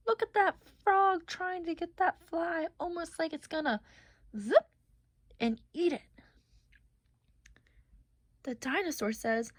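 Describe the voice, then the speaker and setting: A young woman, an education student, reading a picture book aloud in an expressive storytelling way with marvelling asides. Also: high voice, unhurried, vocal fry, pauses often, dry recording.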